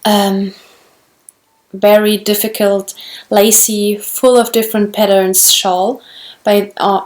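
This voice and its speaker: Speaking slowly in a medium-pitched, darkish voice with little pitch variation, this German knitting vlogger talks in English with her native accent. She enthuses about yarn in a relaxed show-and-tell, frequently starting over.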